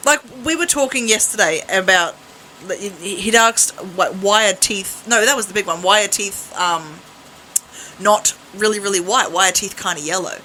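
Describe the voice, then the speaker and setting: A woman's voice: mid-range voice, moderate pace, sharp tone, a little hiss or hum, low-quality recording. An Australian woman co-hosting a casual radio podcast chat, telling stories about her two young sons with frequent laughs and restarts. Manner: chatty storyteller, frequent restarts, laughs often. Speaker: radio co-host; mother of two boys.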